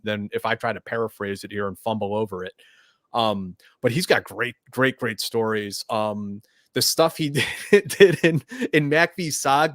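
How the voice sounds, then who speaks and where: A man's voice: medium pitch, no room sound, clean studio sound. An American man, a podcast guest, chatting casually and repeating words as he talks. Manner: relaxed, stammers and repeats words. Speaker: podcast guest, veteran and journalist. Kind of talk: casual chat.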